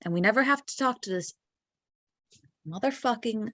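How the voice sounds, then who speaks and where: A woman's voice: on the high side, expressive, normal speed, a bit bright, dry recording. Woman playing a blunt, cursing male adventurer. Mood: frustrated. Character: protective swearing male adventurer.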